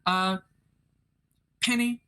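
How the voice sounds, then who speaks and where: A man's voice: high voice, steady tone, drawn-out words, pushed and bright, smooth. A man narrating as game master of a tabletop game, describing the setting in a playful, theatrical way.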